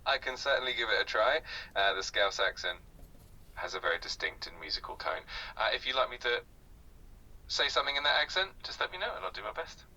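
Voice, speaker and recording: A brightly toned, husky male AI voice, played through a speaker and caught from some distance. He talks a bit low in pitch, gently encouraging a learner, with soft "uh" fillers between phrases. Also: big pitch swings, fairly quick. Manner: polite, encouraging, with frequent "uh" fillers. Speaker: AI conversation partner. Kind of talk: patient tutoring chat.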